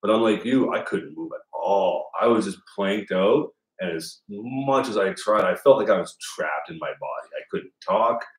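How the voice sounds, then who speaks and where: A man's voice: low voice, expressive, moderate pace, few pauses. A laid-back man talking casually, slangy and swearing freely. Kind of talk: casual chat. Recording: roomy echo.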